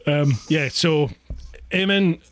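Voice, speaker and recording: A man's voice: a little high, slow pace, a bit bright. Chatty Scottish man hosting. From Scotland. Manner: chatty, self-deprecating, laughs often. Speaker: podcast host. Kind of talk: casual chat.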